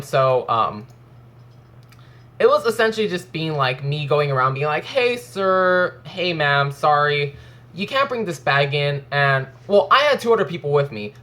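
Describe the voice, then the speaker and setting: A young man rants to his viewers about his day, his pitch swinging up and down as he talks. He is frustrated and rambling, swears often, and plays a video game while he talks. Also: fairly bright tone. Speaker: gaming vlogger. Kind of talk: casual rant while playing a game.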